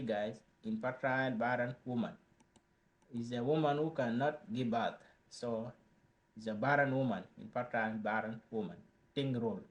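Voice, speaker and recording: Slow-speaking man teaching words. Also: medium pitch. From South Sudan. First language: Dinka. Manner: repeats words slowly, chatty asides to viewers. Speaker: language teacher. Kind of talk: casual vocabulary lesson.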